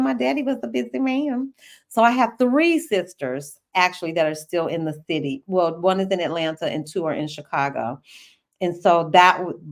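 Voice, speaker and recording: Fielding questions from viewers on a relaxed live stream, this middle-aged woman from the U.S. talks right to the people watching. She's talkative and lively, laughs a lot, and her voice sits on the low side.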